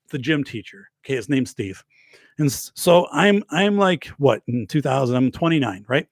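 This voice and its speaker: Rambling gravelly man telling a story. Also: mid-range voice, no room sound, clean studio sound. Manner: rambling, animated anecdote with many restarts. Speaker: podcast host. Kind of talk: casual storytelling. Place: home studio.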